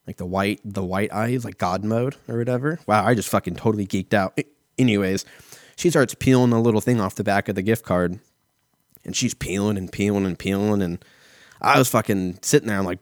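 A man in his thirties with a lowish voice speaks briskly, telling a rambling everyday story in a casual solo chat. He swears heavily and peppers his talk with fillers like "like" and "you know." The recording is clean studio sound with no room sound.

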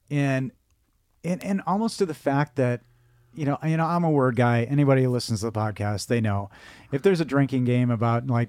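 A man's voice: mid-range voice, a little mellow, no echo, clean studio sound. Rambling Midwestern man podcasting. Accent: Midwestern American. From Michigan, United States. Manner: rambling, self-deprecating, many restarts. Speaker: podcast co-host. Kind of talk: casual chat.

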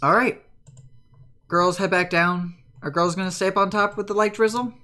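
Game master, tabletop narration, chatty, mid-pitched voice. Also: steady tone, normal speed, bright, forceful tone.

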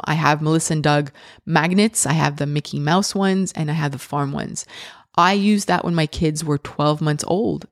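A woman podcast host with a somewhat low voice talks in a chatty, enthusiastic way, restarting sentences and dropping in fillers. The sound is dry and close, with no room echo. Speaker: parent of young children. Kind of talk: casual podcast monologue.

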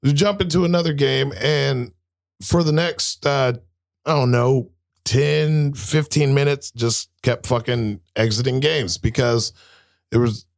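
A man's voice: mid-range voice, fairly even intonation, unhurried, creaky. A man in his thirties co-hosting a casual talk show, ranting heatedly and swearing constantly. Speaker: podcast co-host. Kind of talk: casual profane rant.

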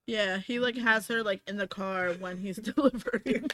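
A woman co-hosting a casual chat, telling animated stories and acting out the dialogue. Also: mid-range voice, moderate pace, a little hiss or hum. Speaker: podcast co-host.

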